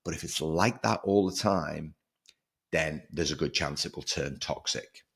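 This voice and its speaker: A man hosting a solo podcast, talking in an energetic, emphatic way and repeating words for stress. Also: a bass voice, a little slow, vocal fry. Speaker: podcast host.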